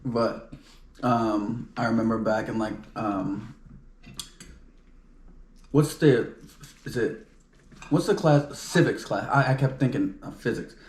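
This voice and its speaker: A man talking in relaxed casual chat, drifting into rambling asides. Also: mid-range voice, slow pace, pauses often, echoey room.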